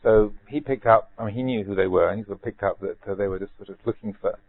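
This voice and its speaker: A man, a Buddhist monk, giving a rambling, gently humorous retreat talk with many repeated words. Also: fairly low pitch, rapid-fire, creaky, slight background noise. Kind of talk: retreat Dharma talk, anecdotal. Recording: tinny phone-like band.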